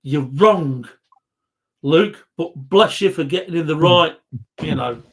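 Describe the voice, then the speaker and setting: Expressive and slow, this British host has a voice on the high side with a fairly bright tone. He leads a casual live chat quiz, joking as he reads viewer comments out loud.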